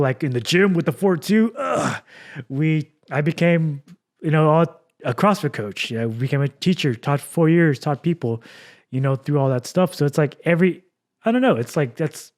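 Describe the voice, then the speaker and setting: Podcast host from Texas, a man with a slightly high voice, rambling and earnest, casual chat. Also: darkish tone. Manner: rambling, earnest, heavy with fillers like "like" and "you know".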